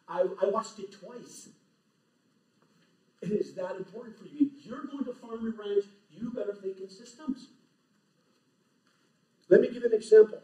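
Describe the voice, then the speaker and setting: Male conference speaker, emphatic and preacherly, mellow voice, recorded from afar in a roomy hall. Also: high voice. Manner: emphatic, preacherly, punchy short phrases. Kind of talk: animated lecture to a live audience. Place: large lecture hall. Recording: echoey hall, distant, dull lo-fi.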